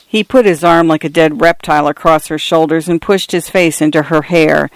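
Radio story reader, woman, measured literary narration, smooth tone, dry close mic. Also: low voice, steady tone, dry recording. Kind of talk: scripted narration of short stories.

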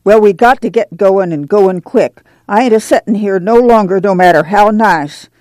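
A woman's voice: mid-range voice, normal speed, darkish tone, no room sound, lightly acted. A woman voicing a tough, determined mother of a poor migrant family, firm and plain-spoken, in an audiobook reading. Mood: stern. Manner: firm, blunt, plain-spoken rural drawl.

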